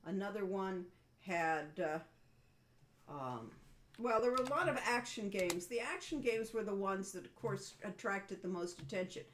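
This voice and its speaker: A woman's voice: mid-range voice, expressive, a little slow, a little hiss or hum. A woman co-hosting a game developers' livestream, chatting casually and reminiscing in a meandering way. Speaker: co-host of a game developers' stream.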